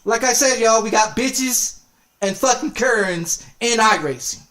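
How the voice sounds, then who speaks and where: Furious ranting streamer, cursing nonstop. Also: male voice, extremely high pitch, measured pace, sharp tone. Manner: heated, repetitive cursing, threatening. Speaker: game streamer. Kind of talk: angry profane rant on stream.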